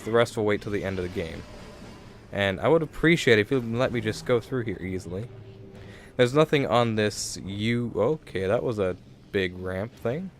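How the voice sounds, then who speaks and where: Low-voiced man rambling over gameplay. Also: slight background noise. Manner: rambling, self-correcting, thinking aloud. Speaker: let's play host. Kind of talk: casual gameplay commentary. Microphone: desk microphone.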